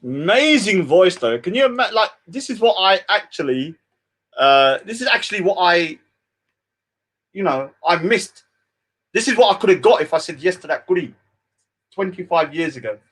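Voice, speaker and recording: Brief: male streamer, heated and scornful rant, slightly high voice. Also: sing-song, normal speed, a bit bright, breathy edge. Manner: scornful, repeats "yeah?" often.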